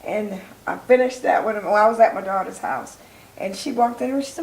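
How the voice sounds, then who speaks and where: A woman's voice: fairly high pitch, fairly quick, gravelly, a little mellow. An older woman, a soul singer, telling her life story as an interview guest, acting out the voices of people in it. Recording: echoey room, faint noise.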